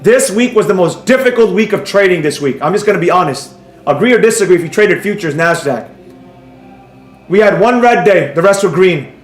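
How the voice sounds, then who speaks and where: Animated mocking man, high voice, echoey room. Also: a little fast, faint music behind. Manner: mocking, animated, mock-soothing at times. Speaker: trading instructor. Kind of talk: livestream class banter.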